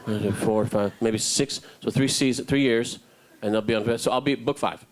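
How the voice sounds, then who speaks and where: A man's voice: medium pitch, moderate pace, noisy background. A man answering fan questions on a convention panel, joking and telling stories playfully. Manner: playful, joking, animated storytelling. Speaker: panelist actor.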